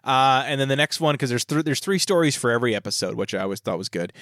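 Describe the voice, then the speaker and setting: A man's voice: mid-range voice, expressive, fast talker, a bit bright, dry recording, clean studio sound. A man co-hosting a podcast in casual chat, easygoing and laughing often while recounting episodes. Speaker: podcast co-host.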